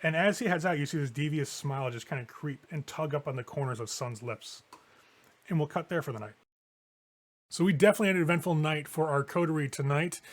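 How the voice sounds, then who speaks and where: A man narrating as game master of a tabletop role-playing game, relaxed and loose with fillers. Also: on the high side, brisk. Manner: relaxed storyteller with many fillers.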